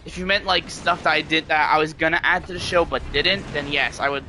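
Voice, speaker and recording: A man's voice: a little high, steady tone, fairly quick, pushed and bright, a little hiss or hum. A man streaming a game, chatting casually to viewers in a rambling way and often restarting his sentences. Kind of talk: casual live-stream chat.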